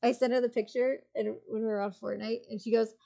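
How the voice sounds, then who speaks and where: A woman's voice: fairly high pitch, little pitch movement, fast, vocal fry, dark tone, dull audio. A woman streamer chatting casually with her viewers, rambling and giggling, full of fillers and restarts. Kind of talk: casual chat with live chat.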